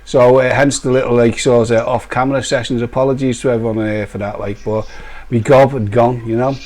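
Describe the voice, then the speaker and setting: A man's voice: mid-range voice, little pitch movement, a little fast, a little mellow, a little hiss or hum. A man with a Black Country accent, co-hosting a live stream in rambling, jokey casual banter and laughing often. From English Midlands. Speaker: co-host of a vaping live stream.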